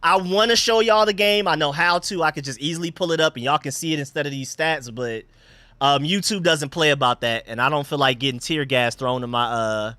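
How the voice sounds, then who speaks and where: A young man from Atlanta chats through a live stream with a bright, crisp voice pitched a little high. His slangy banter bounces from loud shout-outs to low asides, and his close mic sounds dry. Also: a little fast, no echo. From Atlanta, Georgia. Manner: loose slangy banter, repeats phrases, swings between hype and mumbles. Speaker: livestream host.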